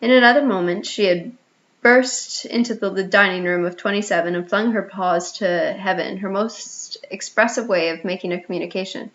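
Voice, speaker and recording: A woman narrating a children's storybook in an expressive reading voice, with small restarts. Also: medium pitch, normal speed. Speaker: audiobook reader. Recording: slightly muffled lo-fi audio.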